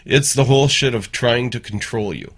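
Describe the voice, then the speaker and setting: A man's voice: medium pitch, moderate pace. A man co-hosting a podcast in casual chat, blunt and profane, and given to telling jokes. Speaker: podcast co-host.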